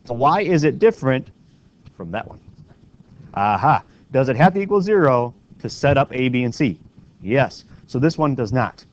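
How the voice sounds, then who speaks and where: A man's voice: medium pitch, darkish tone. Male math teacher lecturing a class. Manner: walks students through steps with frequent questioning "right?". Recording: dull lo-fi classroom recording with faint noise.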